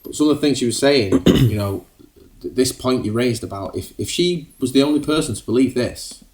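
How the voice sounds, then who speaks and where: A man's voice: medium pitch, animated, a little fast, a little mellow. A man co-hosting a podcast, talking in a hesitant casual way with many ums and restarts. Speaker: podcast co-host.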